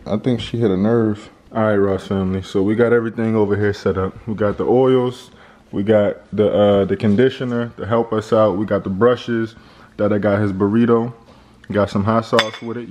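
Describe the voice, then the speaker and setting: A man's voice: lowish voice, steady tone, normal speed, darkish tone. A man hosting a family vlog at home, talking to viewers in a playful, joking way. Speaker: father and family vlog host. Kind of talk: casual home vlog narration.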